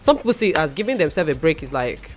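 A young woman hosts a casual studio chat. She is playful and laughs easily, her pitch swinging widely. Soft music plays faintly behind her. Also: sing-song, fast talker. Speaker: host.

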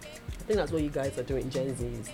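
A young woman hosting a casual studio chat, playful and quick to laugh. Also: rumbling low, music in the background. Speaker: host.

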